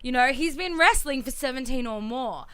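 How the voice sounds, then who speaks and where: Bright, clear-voiced female co-host. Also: high-pitched, animated, moderate pace, dry recording. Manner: emphatic, indignant, laughing. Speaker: podcast co-host. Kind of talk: casual chat recapping wrestling.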